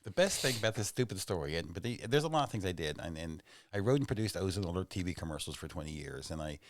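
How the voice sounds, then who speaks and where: A man's voice: low-pitched, lively intonation, fast. A man from Oklahoma, a comedian guest on a podcast, telling rambling self-mocking stories and jokes in a studio. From Oklahoma, USA. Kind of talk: casual storytelling and joke-telling.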